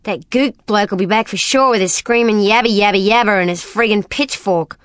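A woman reading an audiobook voices a surly street kid with a slow, scornful drawl. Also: mid-range voice, fairly bright tone, clean tone, no echo, lightly acted.

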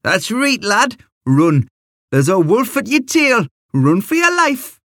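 A man's voice: sits high, wildly swooping pitch, takes it slowly, fairly bright tone, no echo, studio quality, voice pushed up, exaggerated voice. A man voicing a cheerful old man, calling out encouragement in a raised, hearty voice. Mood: cheering. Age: older.

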